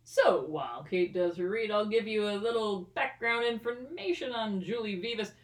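A woman's voice: mid-range voice, expressive, moderate pace, distant mic. Playful woman co-host, roomy sound. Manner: playful, jokey, laughs often. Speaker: podcast co-host. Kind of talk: casual chat. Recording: echoey room, a bit off-mic.

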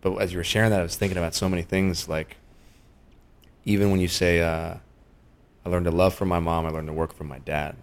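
Deep-voiced man, reflective and empathetic. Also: little pitch movement, fairly quick. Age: adult father. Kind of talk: casual reflective conversation.

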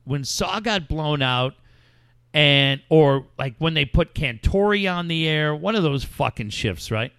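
Profane, animated male podcast host. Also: a little high, measured pace, creaky, clean tone, no echo, studio quality. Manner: profane, rambling storyteller. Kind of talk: casual reminiscing chat.

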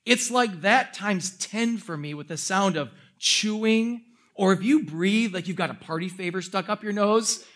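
A male pastor preaching a sermon, telling animated, self-mocking stories with jokes. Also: high voice, a little slow.

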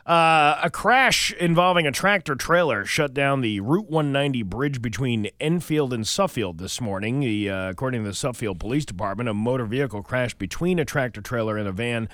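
A man's voice: medium pitch, a little fast, hardly any pauses, a bit bright, dry recording, clean studio sound. A man co-hosting a morning radio show, telling wry, joking stories and reading the news. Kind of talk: casual radio banter and newsreading. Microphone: studio microphone.

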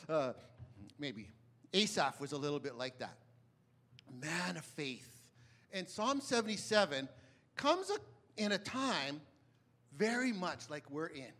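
Male preacher, high and bright timbre, emphatic delivery that swings loud to hushed. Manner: emphatic, dramatic swings from loud to hushed, asks the audience questions. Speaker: pastor. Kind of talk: sermon.

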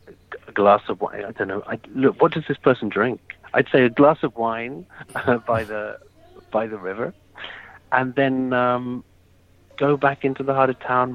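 A man fields light questions in a halting, wry way, often restarting his sentences. The sound is slightly muffled and has no room echo. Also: medium pitch. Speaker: interview guest. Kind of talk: casual interview answers. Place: lives in London.

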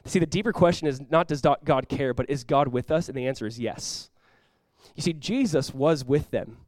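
A man, a pastor, preaching a sermon in an animated way, acting out voices with sudden loud bursts. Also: mid-range voice, normal speed, no room sound.

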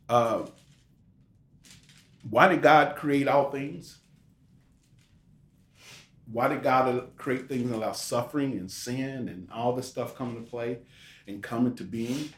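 A man's voice: medium pitch, slow, pauses often. Roomy-sounding man preaching conversationally. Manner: conversational, rambling, with restarts and rhetorical questions. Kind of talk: informal sermon. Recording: roomy echo.

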